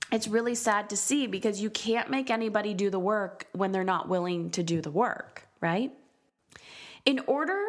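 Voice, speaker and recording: A woman in her thirties hosting a solo parenting podcast, speaking earnestly and slowing down to stress key words. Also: medium pitch. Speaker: podcast host and parenting coach.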